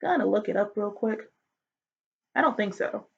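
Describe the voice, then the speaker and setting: A woman's voice: mid-range voice, lively intonation, normal speed, creaky, slightly rough, highs cut off. A woman giving a casual lecture, chatty and slangy, often asking the class questions.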